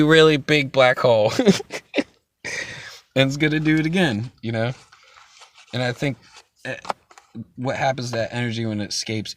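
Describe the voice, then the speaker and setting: A man's voice: medium pitch, dry recording. A young man hosting a casual chat stream, rambling loosely with frequent swearing and laughter. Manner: rambling, profane, laughs often. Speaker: stream host.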